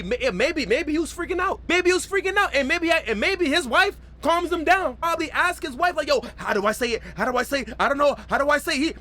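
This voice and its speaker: A man's voice: very high-pitched, sharp tone. A young man doing casual reaction commentary, rambling and slangy, who swears and argues with the clip.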